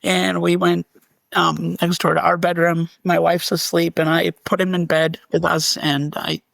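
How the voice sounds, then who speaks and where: A man with a gravelly, fry-tinged voice tells a personal story as an interview guest. He talks casually and animatedly, restarting sentences and laughing briefly. The sound is dry and close. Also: fairly high pitch, level tone, normal speed, a bit bright, dry recording.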